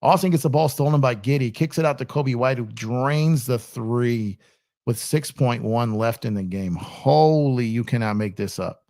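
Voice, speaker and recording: A man hosting a sports live stream, chatting casually and reacting out loud in excited bursts while greeting viewers by name. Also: mid-range voice, measured pace, no room sound, studio quality. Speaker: sports channel host.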